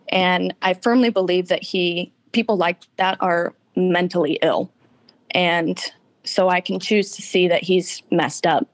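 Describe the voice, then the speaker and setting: A woman's voice: on the low side, dry recording. A woman guest giving a candid, emotional personal account in an interview, tearful at times.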